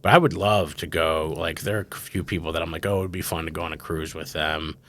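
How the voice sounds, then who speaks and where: A low-voiced man in his thirties talks fast as a podcast host, chatting casually and telling comic stories. He's an animated storyteller who acts out the voices of the people he quotes.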